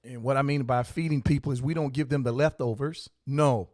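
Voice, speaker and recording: A man's voice: mid-range voice, fairly even intonation, fairly quick, a little mellow, no echo. A man who owns a coffee shop and hosts the show, telling stories and giving motivational advice in an emphatic, repetitive, preacherly way. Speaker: coffee shop owner and host. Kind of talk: motivational storytelling talk.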